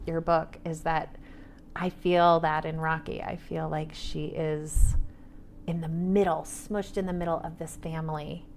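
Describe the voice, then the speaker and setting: A woman's voice: low voice, level tone, measured pace, a little mellow, a little hiss or hum. A woman in her forties, an author and trauma therapist, talking animatedly on a panel and dropping to whispers for asides. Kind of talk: casual panel conversation.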